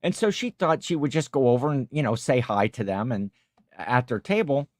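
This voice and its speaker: A man's voice: mid-range voice, animated, moderate pace, dry recording, studio quality. A man hosting a casual livestream chat, rambling through stories and reading out viewer comments. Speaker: livestream host.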